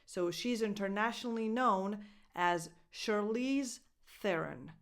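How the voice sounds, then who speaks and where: Woman pronunciation coach, Italian native speaker, very slow careful delivery, repeats each word. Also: mid-range voice. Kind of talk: pronunciation lesson.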